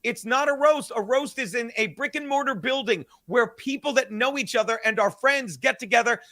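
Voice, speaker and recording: A man with a very high, pushed, bright voice hosts a casual podcast. He goes off on a heated, profanity-laced rant, talking fast and rambling with frequent restarts.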